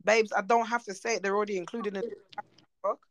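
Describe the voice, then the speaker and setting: A woman's voice: mid-range voice, steady tone, fast talker, low-quality recording. A woman co-hosting a podcast, talking bluntly and animatedly and swearing freely. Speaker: podcast co-host. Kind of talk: casual chat.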